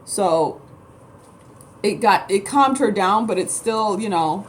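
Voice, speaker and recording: A woman's voice: mid-range voice, expressive, slow, a little hiss or hum. Blunt, rambling woman vlogger from New York. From New York City. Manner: emphatic, blunt, digressive. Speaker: spiritual vlogger and Reiki practitioner. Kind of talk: casual rambling monologue to camera.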